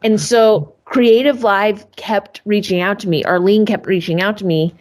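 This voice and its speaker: A woman in the middle of her speaking range tells a story on a podcast. She is lively and self-mocking, and she jumps up high when she quotes other people. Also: normal speed. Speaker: podcast guest, family photographer. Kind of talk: casual storytelling in an interview.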